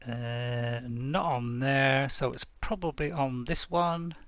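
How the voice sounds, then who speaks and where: A man's voice: medium pitch, fairly even intonation, slow pace, a bit bright, no room sound. A man live-streaming a game from home, chatting casually and rambling with little chuckles, close to his desk mic. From United Kingdom. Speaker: gaming streamer. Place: home room.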